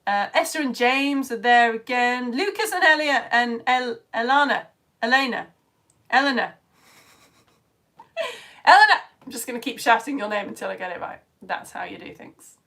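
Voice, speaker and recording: A cheerful woman with a fairly high voice chats into her phone during a live stream for home-schooled children. She greets viewers by name, exclaims over their pictures and jokes as she scrolls through the comments. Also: lively intonation, a little fast, vocal fry, a bit bright. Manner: bubbly, chatty, exclaiming names. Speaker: children's science teacher.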